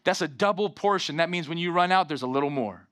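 Bright-toned animated preacher man. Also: fairly high pitch, fast. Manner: animated preaching with call-and-response "amen". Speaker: pastor. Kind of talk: sermon.

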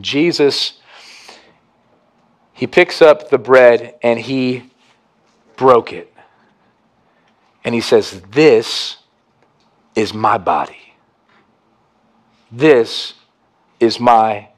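A pastor preaching a communion sermon, swinging from hushed to emphatic. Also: male voice, mid-range voice.

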